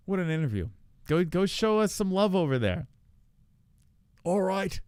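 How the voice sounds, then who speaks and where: A man hosting a casual podcast, his pitch a bit high and bouncing all over as he reacts to streams. He swears freely and laughs often. The sound is close and dry. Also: sing-song, moderate pace, darkish tone, smooth, dry recording. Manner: profane, loose, laughing often. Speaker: podcast host.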